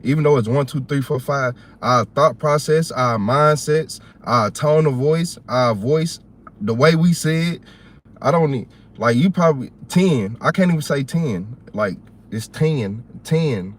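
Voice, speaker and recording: A man with a Southern US accent hosting a livestream, chatting casually in a rambling, animated, slangy way. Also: mid-range voice, a little slow. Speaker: livestream host.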